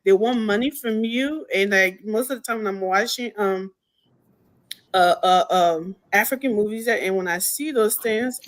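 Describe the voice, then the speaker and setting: Phoning into a live political talk show, a young woman from Liberia makes a passionate call, emphatic and full of restarts. Her voice is a little high and a bit bright.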